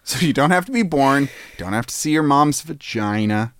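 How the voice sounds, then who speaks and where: A man co-hosting a podcast in a casual, playful chat, theatrical and quick to laugh. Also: medium pitch, lively intonation, clear, resonant tone, no room sound, studio quality. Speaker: podcast co-host.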